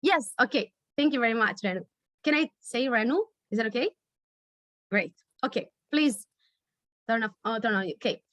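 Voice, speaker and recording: A woman leading a storytelling workshop over a video call, searching for words with many pauses and fillers. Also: on the high side, a bit bright, dry recording, lo-fi sound. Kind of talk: online workshop teaching.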